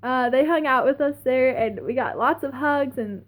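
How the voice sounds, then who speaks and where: Young woman vlogger, high-pitched, gushing and breathless, rambling fan story. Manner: excited, gushing, fast-talking with many "like"s and laughs. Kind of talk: casual vlog storytelling.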